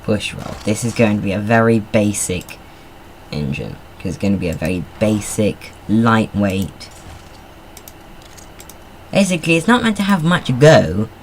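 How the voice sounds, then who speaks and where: A man's voice: on the low side, expressive, unhurried, pauses often, slight background noise. A man giving casual, rambling commentary while playing a car design game. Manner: rambling, chatty, self-deprecating asides. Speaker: gamer.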